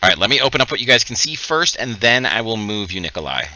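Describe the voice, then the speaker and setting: A man's voice: lowish voice, sing-song, fast talker, sharp tone, no echo, poor audio. A man running a tabletop game, explaining the map and rules step by step. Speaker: game master.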